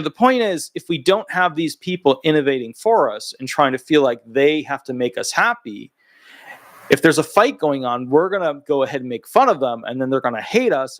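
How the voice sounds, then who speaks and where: A man's voice: medium pitch, a bit bright, dry recording, studio quality. A middle-aged man, a disability attorney, giving chatty, opinionated commentary in a casual video. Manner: chatty and opinionated, talks to his dog mid-video.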